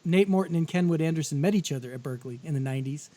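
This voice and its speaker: A man's voice: fairly high pitch, fast, mellow. A man hosting a music podcast, chatting in an easygoing way and asking follow-up questions. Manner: easygoing, conversational, asks follow-ups. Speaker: podcast host. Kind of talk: casual interview chat.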